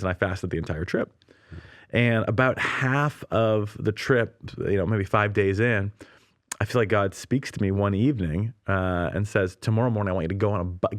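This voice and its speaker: A man from Canada, a ministry leader, telling his story as an interview guest in a lively, animated way, acting out quoted dialogue and laughing often. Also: lowish voice, no echo, clean studio sound.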